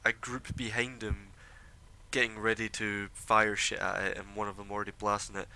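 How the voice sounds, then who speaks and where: A man narrating as game master for a tabletop role-playing game, in a relaxed way with frequent pauses. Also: lowish voice, vocal fry, rough recording.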